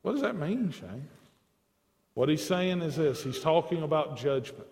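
Man, high-pitched voice, preaching a sermon, impassioned, repeats phrases, long hall echo. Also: expressive, moderate pace, a little mellow.

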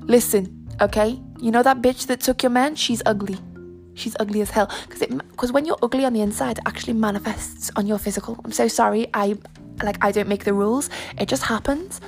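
A young woman hosts a podcast in a slightly high, fairly even voice, speaking fairly quickly over soft background music. Her casual chat is frank and rambling, packed with fillers and asides.

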